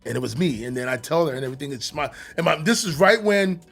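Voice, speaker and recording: A man in his fifties from Atlanta, a podcast guest telling a story in a casual, animated way, laughing and swearing often. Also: a little high, fast, creaky, faint music behind. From Atlanta, USA. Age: 50s.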